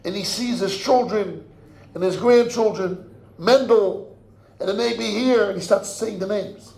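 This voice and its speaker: An older man, a rabbi telling a story in a sermon. He acts out the voices, swinging from hushed murmurs to loud cries. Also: high voice, a little slow, gravelly. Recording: echoey room.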